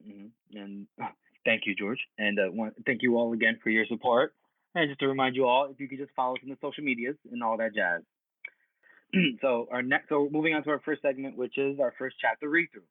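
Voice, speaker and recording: A man hosting a podcast from the road, relaxed, thanking listeners and moving the show along. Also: mid-range voice, a little fast, dry recording. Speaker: podcast host. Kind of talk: casual chat. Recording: dull lo-fi travel mic.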